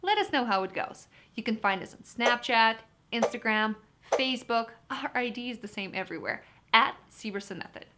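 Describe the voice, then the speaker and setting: A woman's voice: on the high side, lively intonation, moderate pace, hardly any pauses, very noisy. A woman teaching vocabulary in an upbeat, chatty lesson, talking to viewers as guys. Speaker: vocabulary tutor. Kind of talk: lively test-prep lesson.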